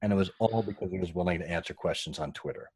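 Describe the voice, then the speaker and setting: A man with a fairly low voice tells a story in relaxed conversation, acting out the people he quotes with lively shifts in tone. The sound is dry and close, with no room around it. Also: very fast, breathy edge, dry recording. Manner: animated, acts out quoted voices. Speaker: guest. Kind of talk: casual storytelling.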